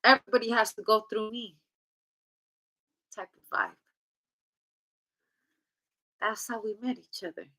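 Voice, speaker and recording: A woman's voice: a little high, steady tone, a little slow, long pauses, sharp tone, poor audio. A woman giving a casual tarot reading in a blunt, chatty, profane way. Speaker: tarot reader.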